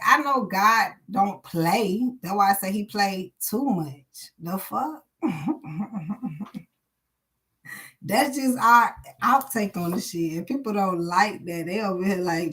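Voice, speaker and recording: A woman's voice: mid-range voice, moderate pace, few pauses. A woman, giving a live-streamed tarot reading and chatting bluntly with her viewers, with plenty of swearing. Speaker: tarot reader.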